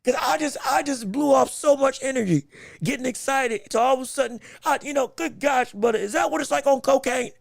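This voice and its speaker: A man hosts a boxing podcast in loose, casual chat, talking in an excitable, animated way that keeps doubling back on his words. His voice has a gravelly, fry-edged texture, and it sounds dry and close with no room around it. He laughs often as he talks. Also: very high-pitched, fairly quick, dry recording. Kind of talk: casual live-stream chat.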